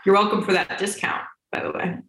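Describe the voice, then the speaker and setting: A woman's voice: medium pitch, flat delivery, brisk, a bit bright. Dry, teasing young woman with room echo. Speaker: podcast co-host. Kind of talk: casual chat. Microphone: video call. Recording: roomy echo on video call.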